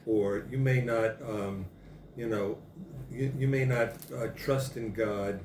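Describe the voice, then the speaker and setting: A man's voice: on the low side, fairly even intonation, slow. A man in casual conversation who prompts the speaker and paraphrases ideas loosely, with plenty of fillers. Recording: roomy, distant mic with background noise.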